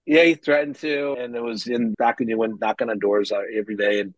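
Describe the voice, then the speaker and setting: A man recounts business setbacks in a casual podcast conversation. He speaks at an ordinary pitch, jumping into voices as he acts out quoted dialogue. His voice is dry and close, with no room echo. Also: brisk. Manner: animated, acts out quoted dialogue, frequent laughs.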